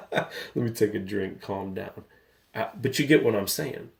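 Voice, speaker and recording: Gravelly-voiced man in his thirties, ranting. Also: lowish voice, moderate pace. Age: 30s. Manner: candid, rambling, gets riled up. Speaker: comic book collector and channel host. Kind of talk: casual spoken vlog.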